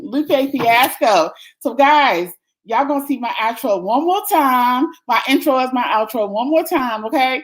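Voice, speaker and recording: Woman livestream host, effusive and thankful, laughs often, slightly high pitch. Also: animated, measured pace, rough recording. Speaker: summit host. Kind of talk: livestream closing remarks.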